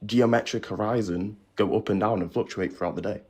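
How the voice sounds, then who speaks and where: Low-voiced guy arguing flat earth on a live stream, keeps firing questions back. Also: a little fast. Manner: argumentative, pushes back with questions. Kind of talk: heated online debate.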